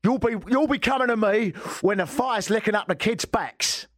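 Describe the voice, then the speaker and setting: A man's voice: high voice, a bit bright, no room sound, voice pushed up. A man doing a menacing Cockney gangster. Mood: threatening. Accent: East End London. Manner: slow, threatening growl.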